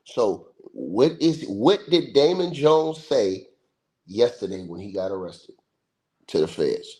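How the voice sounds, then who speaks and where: A man's voice: on the low side, sing-song, takes it slowly, dark tone. A man hosting a livestream, giving casual sports commentary in an emphatic, slangy, repetitive way. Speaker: livestream host. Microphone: livestream mic.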